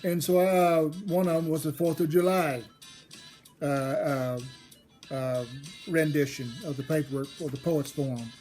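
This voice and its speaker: Woman storyteller, low voice, casual and rambling, rises to excited retelling; faint music under. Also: unhurried. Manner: rambling, restarts, grows loud and excited in the retelling. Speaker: storyteller host. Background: faint background music.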